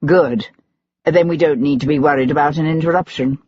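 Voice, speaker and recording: A narrator voicing a calm, measured gentleman investigator asking pointed questions. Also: a little high, lo-fi sound, slight background noise, lightly acted. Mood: probing.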